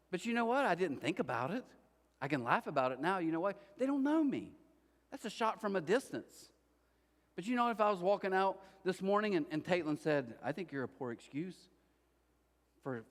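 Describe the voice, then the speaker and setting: A middle-aged pastor with a high voice preaches at normal speed, telling lively, humorous stories and speaking straight to his congregation. The church auditorium gives the recording a reverberant, hall-like sound.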